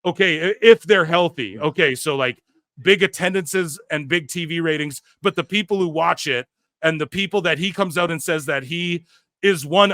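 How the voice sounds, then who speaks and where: A man's voice: sits high, creaky, fairly bright tone, dry recording. A man co-hosting a wrestling talk show, ranting in an exasperated, profane way and repeating himself with lots of filler words. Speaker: podcast co-host. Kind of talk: heated wrestling-commentary rant.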